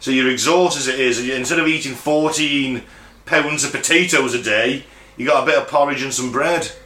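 A man co-hosting a casual chat podcast, laying out history in long, loose stretches and swearing without restraint. His voice has a bright, forceful edge, and the room leaves a clear echo around it. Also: medium pitch, fairly quick. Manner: explains history at length, swears freely. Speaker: podcast co-host. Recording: roomy echo.

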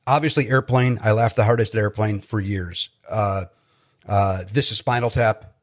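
A man's voice: on the low side, fairly even intonation, normal speed. A man from Chicago, a stand-up comedian, chatting as a guest in a rambling, self-deprecating way. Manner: rambling, self-deprecating, repeats words when starting. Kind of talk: casual interview chat.

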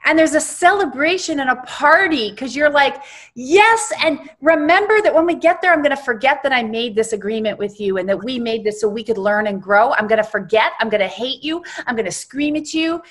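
A woman reverend, a guest on an interview show, telling a spiritual guided exercise with emphatic, animated storytelling. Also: high voice, brisk, few pauses.

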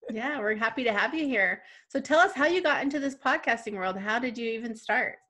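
Woman co-host, bright tense tone, slightly high voice. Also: animated, fairly quick. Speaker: podcast co-host. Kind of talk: casual podcast hosting.

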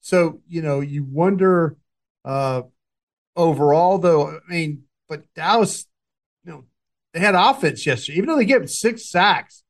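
A man chatting casually about football on a podcast, his voice sitting a little higher than most. He rambles and restarts often, circling back to his points. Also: animated. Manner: rambling, halting, many restarts and fillers. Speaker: podcast co-host, football analyst. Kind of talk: casual sports talk.

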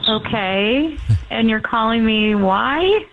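A woman's voice: a little high, lively intonation, slow pace. A woman on a phone call with a radio show, hesitant but blunt. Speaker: phone guest. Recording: noisy phone line.

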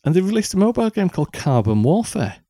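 A man's voice: high-pitched, sing-song, fast, dark tone, no echo, studio quality. A man co-hosting a podcast, chatting casually with lots of ums and restarts. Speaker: podcast co-host. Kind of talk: casual chat.

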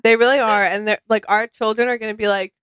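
A woman's voice: fairly high pitch, fairly even intonation, quick pace, a bit bright, no room sound. Sarcastic young woman in dry close sound. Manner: sarcastic, acts out quotes in mocking voices. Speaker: podcast co-host. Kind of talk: casual comedic chat.

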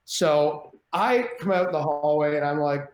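A man guest on a podcast, telling a personal story in casual chat, animated and swearing freely, acting out the voices of others. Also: on the high side, a little slow. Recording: roomy echo with faint ambience.

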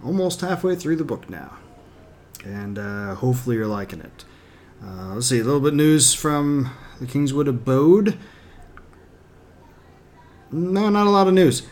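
A man's voice: mid-range voice, measured pace, pauses often, slight background noise. A man, an author and host, chatting casually before an audiobook chapter, with many fillers. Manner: relaxed, filler-heavy. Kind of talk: casual spoken intro.

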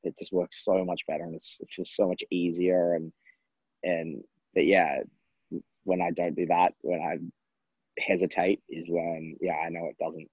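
A man's voice: deep voice, flat delivery, moderate pace, darkish tone, slightly rough, no room sound, highs cut off. A man being coached, talking hesitantly with restarts and frequent laughs. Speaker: coaching client. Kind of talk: casual chat.

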